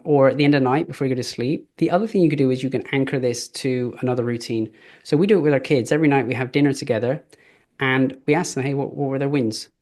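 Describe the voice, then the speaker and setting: A man's voice: mid-range voice, a little mellow. A middle-aged man giving a live business coaching session, casual and chatty, telling stories with fillers. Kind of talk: live training talk.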